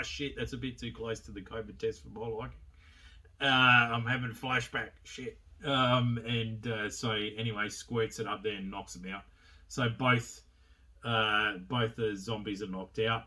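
A man's voice: on the low side, bright, forceful tone, far from the mic. Casual, sweary man reviewing a film. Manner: rambling and sweary, with frequent fillers and laughs.

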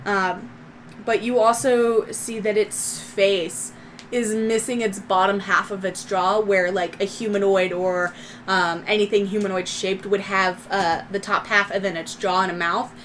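Woman game master, slow unhurried narration, loose descriptive style. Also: medium pitch, level tone, a bit bright, a little hiss or hum.

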